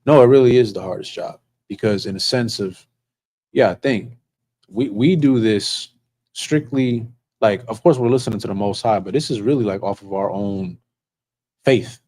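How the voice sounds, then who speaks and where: A man's voice: on the low side, normal speed, warm tone, rough recording. A man who serves as an officer of a religious group, telling stories in a casual, earnest way. He rambles and restarts often. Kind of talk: casual storytelling.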